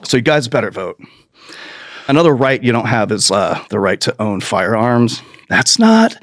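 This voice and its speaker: A man's voice: medium pitch, sing-song, normal speed, no echo, studio quality. A man hosting a podcast, delivering a profane, sarcastic political rant full of mocking mimicry. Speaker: podcast host.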